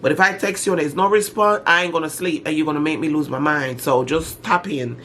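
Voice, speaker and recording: A middle-aged woman vlogger in casual storytime chat, talking in an animated, slangy way with dramatic asides. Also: deep voice, brisk, slight background noise.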